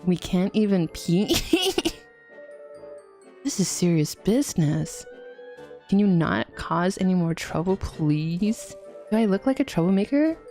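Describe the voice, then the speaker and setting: A woman's voice: fairly low pitch, sing-song, slow pace, long pauses, mellow, faint music behind. A young woman streaming a game, giggling often and cracking crude jokes while reading the dialogue aloud.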